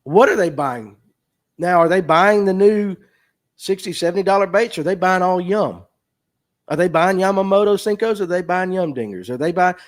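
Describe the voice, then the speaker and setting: A man in his fifties with a North Georgia Southern drawl, hosting a fishing show and chatting folksily while reading out viewer comments. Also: sits high. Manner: folksy, chatty, answers chat questions aloud. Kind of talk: casual livestream talk reading viewer comments.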